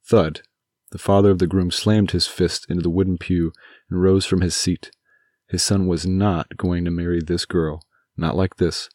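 Male storybook narrator, very low voice, dry close sound, measured and dramatic. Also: little pitch movement, darkish tone, no echo. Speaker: story reader. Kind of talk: scripted narration.

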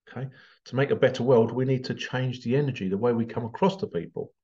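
A man in a casual storytelling monologue, animated and conversational. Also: medium pitch, fast talker, highs cut off. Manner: animated, conversational, acts out quotes. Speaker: vlogger.

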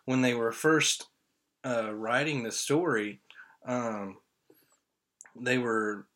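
A man from Indiana co-hosting a podcast, chatting casually and excitedly, rambling as a fan. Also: mid-range voice, slow pace. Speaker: podcast co-host. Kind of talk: casual chat.

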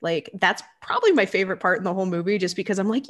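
A woman hosting a casual chat about a film, animated and quick to laugh, acting out other people's lines. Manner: animated, laughs often, acts out voices with big pitch jumps.

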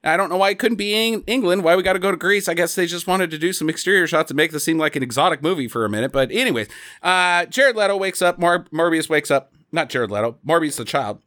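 A man's voice: on the high side, fast talker, no room sound, clean studio sound. A man casually recapping a movie plot on a podcast, joking and swearing as he acts out scenes. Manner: joking, profane, animated retelling with mimicked lines. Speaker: podcast co-host.

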